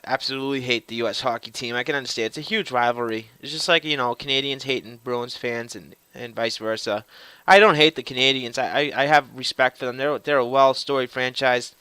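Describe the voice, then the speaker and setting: A man talks in a loose, rambling vlog style, swearing freely and tripping over repeated words. His voice is bright and crisp, and he sounds a little winded. The recording is dry and close. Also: mid-range voice, no echo. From Boston. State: out of breath. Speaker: gaming channel host. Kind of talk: casual vlog chat.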